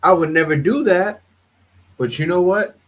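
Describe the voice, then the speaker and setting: A man with a high-pitched voice hosts a casual reaction commentary at a moderate pace. He talks bluntly and animatedly, often repeating himself.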